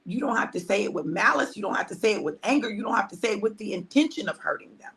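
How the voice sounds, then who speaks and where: A woman pastor, preaching conversationally on a livestream, repeating phrases for emphasis and dropping to hushed tones. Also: mid-range voice, lively intonation, fast talker.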